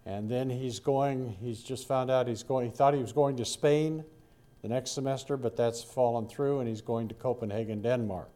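A man's voice: medium pitch, steady tone, moderate pace, warm tone. An older man preaching a Bible-study sermon in a folksy, rambling way, with asides to his listeners.

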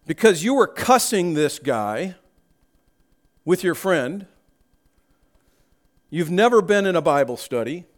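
A man preaching a sermon, talking slowly and deliberately and rising into emphatic bursts. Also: a little high, very animated. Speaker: pastor.

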